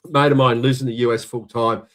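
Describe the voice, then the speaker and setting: Australian man, 60s, mid-pitched, jokey storyteller, casual chat. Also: fast talker. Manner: yarn-spinning, jokey, animated when quoting others. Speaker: co-host.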